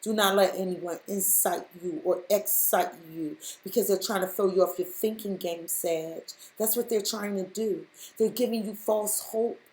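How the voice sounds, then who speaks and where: In a roomy, echoing space, a woman delivers a spiritual tarot reading at normal speed with few pauses. Her voice is medium-pitched and darkish. She speaks directly to the listener, hammering her points home through repetition.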